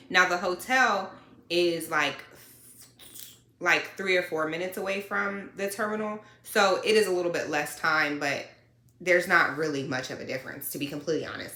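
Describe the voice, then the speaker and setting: A woman truck driver telling a story in a casual, animated and sassy way. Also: on the low side, fairly quick. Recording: roomy echo.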